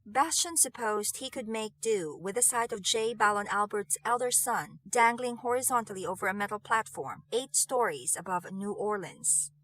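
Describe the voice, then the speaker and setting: A woman narrating an audiobook in a measured, expressive way. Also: medium pitch, no room sound. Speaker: audiobook reader.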